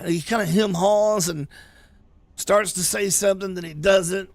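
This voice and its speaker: A man with a high-pitched voice tells a story on his livestream, casual and heated, and swears freely as he recounts an argument. The sound is close and dry, with no room around it. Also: steady tone, unhurried, gravelly, no echo. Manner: heated, swears a lot, retells quarrels.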